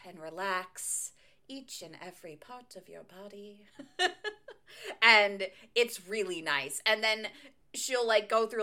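A woman chats casually on a book podcast, her voice bright and forward. She rambles comfortably through plot recaps and laughs often. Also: on the low side. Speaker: podcast co-host. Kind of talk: casual book-club chat.

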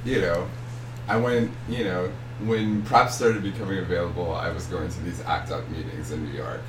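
A young man co-hosting a podcast, chatting casually, animated and giggly, full of fillers. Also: deep voice, moderate pace, noisy background. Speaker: podcast co-host. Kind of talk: casual chat.

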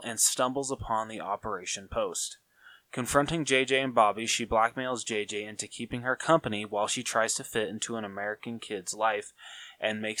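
A man's voice: fairly low pitch, sharp tone, no echo. A man co-hosting a podcast, reading a plot summary with small stumbles and then chatting casually. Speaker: podcast co-host.

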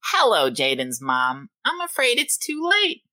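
A woman putting on a slow, theatrical voice as a grown man who warns of demons. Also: mid-range voice, huge pitch swings, sharp tone, no room sound, clean studio sound, heavily acted. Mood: ominous.

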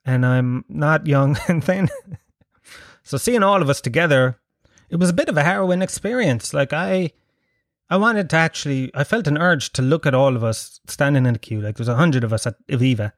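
A man's voice: a little high, expressive, a little fast, no echo, studio quality. Rambling, sweary Irish man in his thirties. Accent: Irish, Dublin. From Ireland. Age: 30s. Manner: rambling, sweary, self-mocking. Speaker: podcast host. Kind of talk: casual solo podcast monologue. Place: his sitting room at home.

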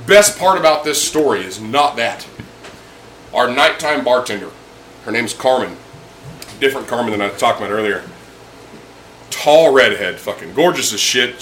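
A man telling a long, profane story to friends over drinks, animated and quick to laugh. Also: mid-range voice, slight background noise, low-quality recording. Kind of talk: casual chat over drinks. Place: indoors with friends.

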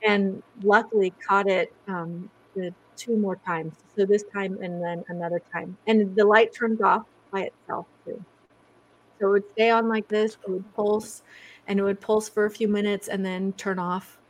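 A woman's voice: medium pitch, steady tone, normal speed. A woman speaks as a guest over a video call. She is chatty, breaks off her own sentences and laughs often. Her voice sits in a middle range.

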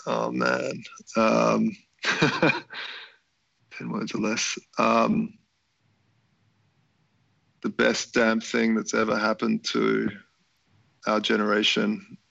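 A man's voice: fairly low pitch, completely flat delivery, drawn-out words, creaky, long pauses, a bit bright, no echo. A man from Australia, a friendly podcast guest who laughs easily, on a muffled lo-fi line. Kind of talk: casual interview.

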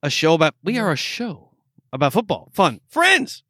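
A man's voice: on the high side, lively intonation, brisk, a bit bright, husky, no room sound, studio quality. A man with an upstate New York accent co-hosting a casual podcast, joking, laughing often and rambling through restarts. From New York State. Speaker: podcast co-host. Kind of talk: casual chat.

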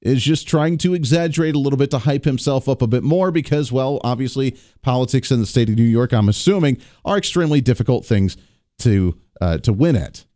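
Man, American, talk radio host, sarcastic, animated, warm mellow voice, dry close sound. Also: medium pitch, a little fast, no room sound. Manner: animated, sarcastic, mocks quotes in put-on voices. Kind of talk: political talk radio monologue.

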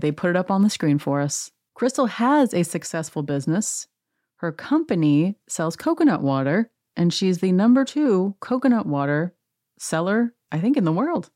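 A woman hosting a reality TV recap, talking in a sarcastic, animated rant. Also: fairly low pitch, dry recording, studio quality. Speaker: podcast host.

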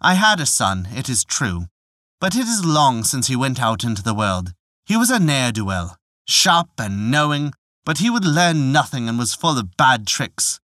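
A man's voice: medium pitch, big pitch swings, normal speed, sharp tone, no room sound, clean studio sound. A man voicing an old peasant father, earnest and old-fashioned in his speech.

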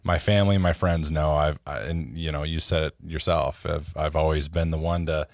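A man co-hosting a casual podcast, with a very low voice. He talks haltingly, restarting and repeating words, and pokes fun at himself. The recording is dry and close. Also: fairly even intonation, vocal fry, no room sound. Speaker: podcast co-host. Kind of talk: casual chat.

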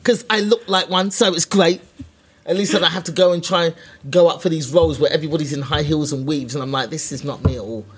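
A woman's voice: deep voice, fast, slight background noise. A woman stand-up comedian in casual chat, talking bluntly with plenty of swearing. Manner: blunt, sweary, self-deprecating.

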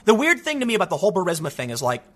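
A young man rants through a solo political commentary, exasperated and heated, tripping over restarts as he pushes his point. His voice sits high and bright, swinging widely in pitch as he builds. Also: wildly swooping pitch, rapid-fire.

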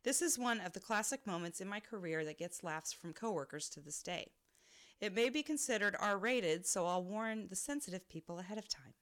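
A woman's voice: medium pitch, expressive, normal speed, a bit bright. A woman co-hosting a podcast, reading listener stories aloud and laughing often as she reads. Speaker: podcast co-host.

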